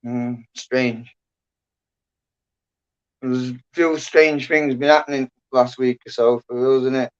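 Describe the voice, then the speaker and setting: A man's voice: mid-range voice, steady tone, takes it slowly, pauses often, clean tone. A man rambles through casual livestream chat, his voice often sinking into mumbles at the end of a thought. The sound is dull and lo-fi, as if streamed through cheap gear. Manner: rambling, mumbly, trailing off quietly. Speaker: livestream host.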